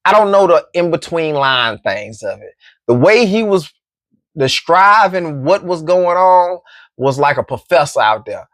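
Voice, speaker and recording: A man's voice: a little high, sing-song, a little slow, a bit bright, dry recording, clean studio sound. A man hosting a casual football commentary show, laid-back and joking. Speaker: sports commentary host.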